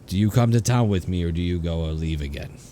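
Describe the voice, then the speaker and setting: A man's voice: low-pitched, expressive, dark tone, slight background noise. A man narrating a tabletop game as game master, casual and full of fillers. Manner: casual, filler-heavy narration with quick quoted voices.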